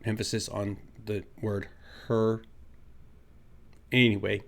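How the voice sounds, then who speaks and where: A man's voice: on the low side, level tone, slow, vocal fry. A man giving an opinion commentary vlog, sarcastic and argumentative, ranting emphatically. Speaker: vlogger.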